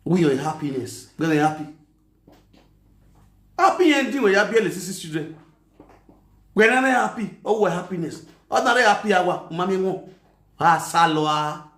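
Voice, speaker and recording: A Nigerian man with an Edo accent hosting an online talk show, ranting with insults, mocking chants and shouts. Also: high voice, expressive, moderate pace, pauses often, echoey room. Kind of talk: ranting commentary.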